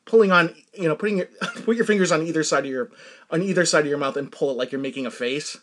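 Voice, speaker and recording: Lively rambling middle-aged man. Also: a little high, fast talker. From Massachusetts, USA. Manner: rambling storytelling with frequent laughs. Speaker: podcast host. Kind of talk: casual solo monologue.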